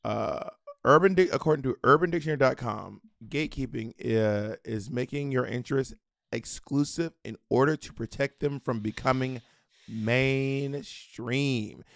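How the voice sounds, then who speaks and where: A man's voice: medium pitch, a little slow, vocal fry, a bit bright, no room sound, studio quality. A man co-hosting a casual podcast chat, playful and joking, breaking into silly fake-accent bits. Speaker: podcast co-host.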